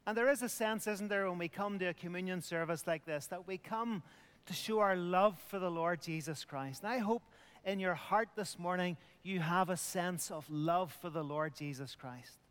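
A man's voice: high-pitched, moderate pace, a bit bright, clear, resonant tone, in a large hall. A middle-aged man preaching a communion sermon, earnest, dropping to a near whisper at tender points. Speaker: pastor.

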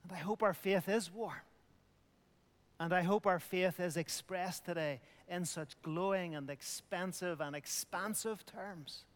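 A man's voice: sits high, big-room sound. A middle-aged man preaching a communion sermon, earnest, dropping to a near whisper at tender points. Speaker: pastor.

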